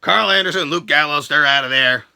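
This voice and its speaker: A man ranting through a wrestling show review, crude and mocking, breaking into shouts and laughter. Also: on the high side, fairly quick, vocal fry, smooth. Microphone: handheld camera.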